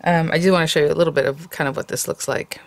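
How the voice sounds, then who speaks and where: A woman's voice: deep voice, steady tone, very fast, vocal fry, no room sound. A woman hosting a casual papercraft tutorial, chatty and thinking aloud with many ums as she works. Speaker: papercraft channel host.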